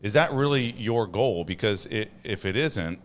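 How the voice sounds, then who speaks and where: A man's voice: fairly low pitch, animated, normal speed. A man co-hosting a casual podcast chat, explaining things steadily with frequent "uh" fillers. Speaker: co-host.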